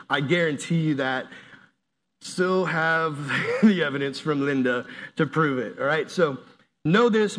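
A man preaching a casual, jokey sermon, telling stories and laughing as he talks. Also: fairly high pitch. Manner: animated, jokey storytelling with laughs. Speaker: youth pastor.

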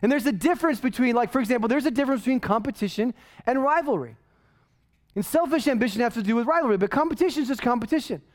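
A woman's voice: on the high side, expressive, fast talker. A woman preaching a sermon in a casual, joking, self-deprecating way, telling stories from her own life. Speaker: pastor. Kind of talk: conversational sermon.

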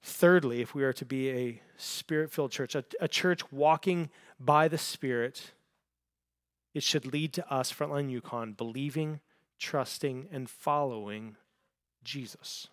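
A man's voice: mid-range voice, unhurried, no echo, clean studio sound. A man preaching a sermon in a church, earnest and given to repeating words as he builds a point. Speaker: pastor. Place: church sanctuary.

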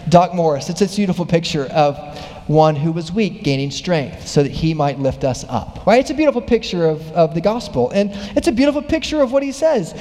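Animated preacher man in a reverberant hall. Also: fairly high pitch, a little fast. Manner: animated storytelling, voice rising with excitement. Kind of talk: sermon.

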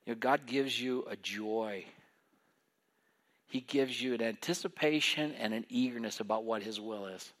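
A man preaching a sermon in an animated way, acting out the voices of biblical figures as he retells their stories. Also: mid-range voice, normal speed.

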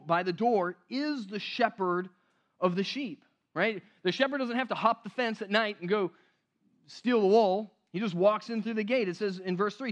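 A man with a high voice preaches a sermon to his church. He is earnest and slows down to press key phrases. His voice swells with emphasis and then falls to a hush. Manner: earnest, rises to emphatic then drops to hushed. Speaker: pastor.

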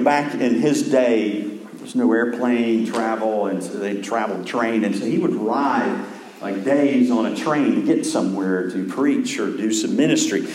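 A man's voice: fairly high pitch, darkish tone. Man preaching a sermon in an echoey room. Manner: conversational preaching with many restarts. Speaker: pastor. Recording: roomy echo.

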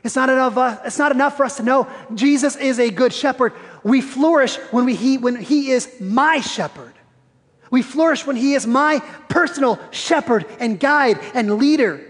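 A man's voice: very high-pitched, normal speed. A man preaching a sermon in a church, earnest and probing, asking the congregation pointed questions. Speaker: pastor. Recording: reverberant church hall.

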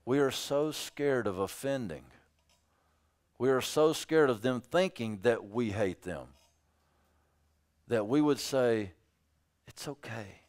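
A man's voice: mid-range voice, expressive, takes it slowly, long pauses, a little mellow. A man preaching a sermon as pastor, emphatic, often repeating his phrases for weight.

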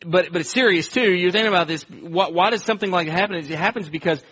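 A man's voice: high-pitched, fast, fairly bright tone, slightly rough, highs cut off. A man preaching a conversational sermon, telling stories earnestly with frequent restarts and repeated words. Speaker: pastor.

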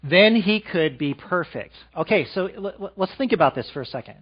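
Man, preacher, high voice, engaging sermon, questions to the crowd, slightly dull lo-fi sound. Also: animated, normal speed, slightly rough. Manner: engaging, asks the audience questions; drops to a soft, quiet voice for emphasis.

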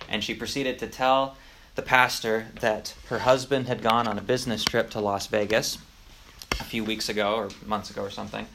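A man's voice: on the low side, bright, forceful tone, slight background noise. A young man teaching Sunday school, telling a story in a chatty, conversational way with asides. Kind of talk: casual storytelling lesson.

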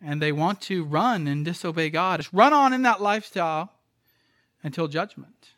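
A man's voice: on the high side, moderate pace, fairly bright tone, dry recording, clean studio sound. A man preaching a sermon as pastor, emphatic, repeating phrases and asking rhetorical questions.

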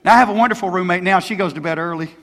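An older man in his sixties delivers a sermon from the pulpit, his voice pitched very high and bright with a forceful edge. He speaks emphatically, tossing questions out to the congregation. The sound carries a long church reverb. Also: racing, a faint crowd. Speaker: pastor. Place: church sanctuary.

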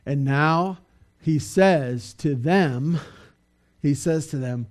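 A man preaching a sermon in a church, in a conversational, halting way with many fillers and restarts. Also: fairly high pitch. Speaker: pastor.

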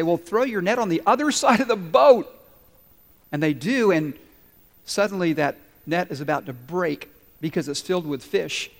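A man preaching a sermon, telling stories and acting out the people in them as he goes. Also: on the high side. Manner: storytelling preacher, voices the people in the story. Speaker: pastor. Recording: long reverb of a large hall.

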